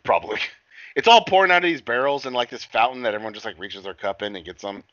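Young man, casual rambling recap, lots of swearing, bright forceful tone, muffled sound. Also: medium pitch, quick pace, no echo. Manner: rambling, swears a lot, acts out scenes in quotes. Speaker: podcast co-host recapping a TV episode. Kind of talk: casual chat. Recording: muffled dry recording.

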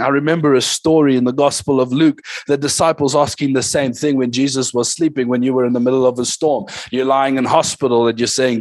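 A man's voice: medium pitch, steady tone, brisk, few pauses, no room sound. A man preaching a sermon as pastor, with emphatic calls to the congregation and short passages in tongues.

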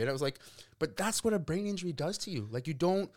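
Animated storytelling young man. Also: a little high, fast talker. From Canada. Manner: animated, laughs often, acts out quotes, swears. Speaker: podcast guest. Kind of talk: casual storytelling.

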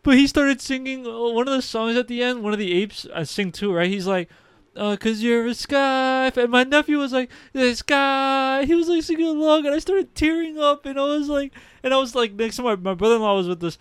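A man's voice: very high-pitched, lively intonation, quick pace, smooth, no echo. A young man co-hosting a podcast in casual chat, slangy and emotional, saying "bro" constantly. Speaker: podcast co-host.

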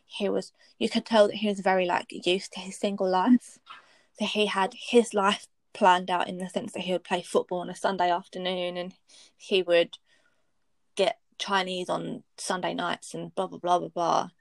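A woman's voice: on the low side, flat delivery, moderate pace, creaky, no echo. A young woman, candidly telling a personal story in casual chat, blunt and swearing freely.

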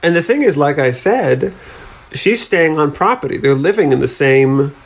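A man's voice: fairly high pitch, animated, normal speed, breathy edge. Chatty, wry man discussing a film. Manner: chatty, wry, many filler likes. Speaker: podcast co-host.

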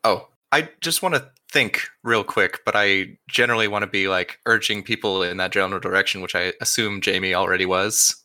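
Playful low-voiced man, bright and lively. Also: brisk, hardly any pauses. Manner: playful and joking. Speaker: player. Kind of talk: casual tabletop role-play.

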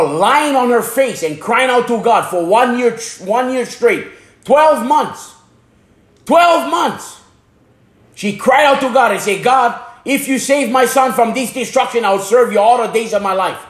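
A man's voice: extremely high pitch, echoey room. A man from Hawaii giving a passionate religious testimony as a preacher. He repeats phrases and stumbles over his words. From Hana, Maui, Hawaii.

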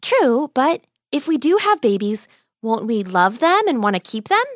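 A worried young bride-to-be, as a woman voices her, in a high, earnest voice. She sounds anxious and unsure in a dry, close storybook reading. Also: very animated, normal speed, dry recording. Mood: doubtful.

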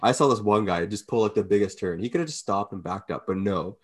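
A man's voice: fairly low pitch, fast, husky. A man in casual podcast chat, telling stories with frequent laughs. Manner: laughs often, lively storytelling. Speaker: podcast co-host.

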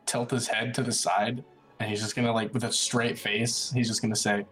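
A man's voice: lowish voice, flat delivery, normal speed, a bit bright, soft background music, rough recording. A man playing a tabletop game, describing his character's actions in a casual, rambling way. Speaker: player.

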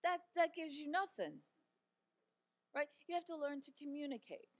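A woman's voice: high-pitched, expressive, moderate pace. A middle-aged woman giving an encouraging talk as a guest speaker, telling stories in a chatty way with fillers and light humor.

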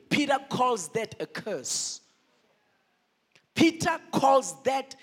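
A male pastor preaching a sermon, firing call-and-response questions at the congregation. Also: very high-pitched. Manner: animated, shifts between loud declaring and quiet asides.

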